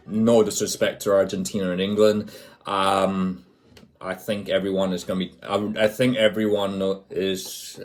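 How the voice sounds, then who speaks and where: A man from New Zealand talks through an upcoming rugby match in his own casual way, his voice sitting very low. He thinks aloud, stopping and starting with plenty of fillers. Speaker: rugby commentator. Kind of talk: casual rugby preview commentary.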